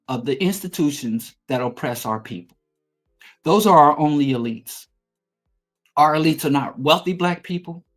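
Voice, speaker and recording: A man's voice: on the high side, fairly bright tone. A middle-aged man hosting a talk show, delivering an emphatic, profane political monologue. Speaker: podcast host.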